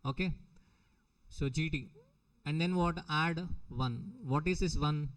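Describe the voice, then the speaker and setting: Indian man lecturing, higher-pitched voice. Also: slow pace, rough recording. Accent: Indian English. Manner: repetitive, questioning the students often. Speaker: teacher. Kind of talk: recorded exam-prep lecture.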